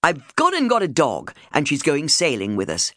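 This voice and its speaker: A woman voicing a cheerful husband and sailor in an audiobook reading, jovial and brisk, close to her own voice. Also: deep voice, huge pitch swings, dry recording, exaggerated voice.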